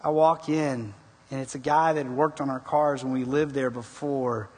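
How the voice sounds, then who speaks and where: A middle-aged man preaching a sermon, telling a personal story and asking the congregation questions in an animated way. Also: mid-range voice, normal speed, breathy edge. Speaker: pastor. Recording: long echoing reverb in a large hall.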